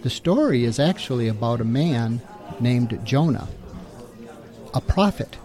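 A man's voice: medium pitch, animated, measured pace, darkish tone. A man co-hosting a talk show, explaining a scripture passage in a casual teaching style and firing off rhetorical questions. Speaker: co-host teaching the Bible.

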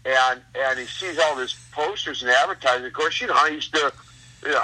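Older male guest, 60s, husky and bright-voiced; loose, meandering anecdotes full of restarts. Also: fairly high pitch, rough recording. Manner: rambling, many fillers and restarts, chuckles. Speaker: guest, former pro wrestler. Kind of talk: casual storytelling interview.

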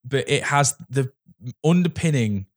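A man's voice: medium pitch, expressive, measured pace. A man chatting casually as a film reviewer, rambling with many restarts. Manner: rambling, restarts, acts out quoted dialogue.

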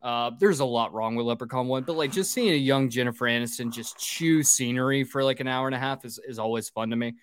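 Sarcastic, profane podcast host. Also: male voice, mid-range voice, quick pace, hardly any pauses, smooth, dry recording. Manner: sarcastic, profane, recapping a film. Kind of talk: casual podcast banter.

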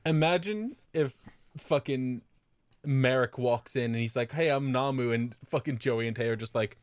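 A man's voice: mid-range voice, clean tone, dry recording. A man co-hosting a podcast, chatting casually and joking as he acts out characters. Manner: jokey, quick to act out characters. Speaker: podcast co-host. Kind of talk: casual chat.

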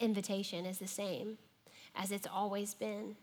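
A woman preaching a sermon in a church, gentle and reflective, often dropping her voice to a near whisper. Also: medium pitch, little pitch movement, normal speed.

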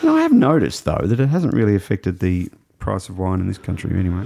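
A man's voice: deep voice, huge pitch swings, fast talker, creaky, dark tone. A man co-hosting a casual radio chat, trading dry quips and short replies. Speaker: radio co-host.

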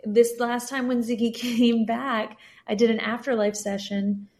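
A woman guest on a podcast, telling personal stories in an earnest, sometimes animated way. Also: on the high side, measured pace. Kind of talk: casual podcast conversation.

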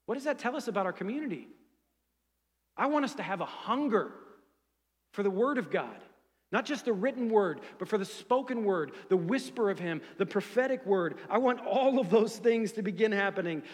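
High-voiced man preaching in a reverberant hall. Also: normal speed. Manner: conversational, animated preaching with fillers. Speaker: pastor. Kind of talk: sermon. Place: church sanctuary.

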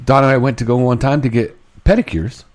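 A man co-hosting a morning radio show, telling funny stories in casual chat, often laughing and shouting out quoted lines. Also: mid-range voice, quick pace. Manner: animated, laughing storyteller with loud acted quotes.

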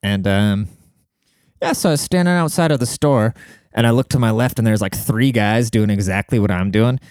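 A young man rambling through a casual solo podcast, crude and sarcastic. His voice comes through smooth and clear on a close mic. The room sound is dry, with no echo. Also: on the low side, moderate pace, darkish tone. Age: young adult. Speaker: podcast host. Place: home room with a cat.

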